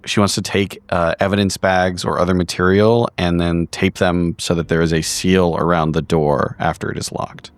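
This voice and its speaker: A man playing a tabletop game, describing his character's actions in a calm, methodical way. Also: low voice, normal speed, hardly any pauses, dry recording. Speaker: player.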